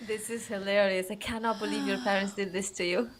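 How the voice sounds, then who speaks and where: A woman's voice: medium pitch, steady tone, fairly quick, background noise. A young woman co-hosting a casual chat, giggling often as she reacts to a video. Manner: giggly, laughs through much of her talk. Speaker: co-host.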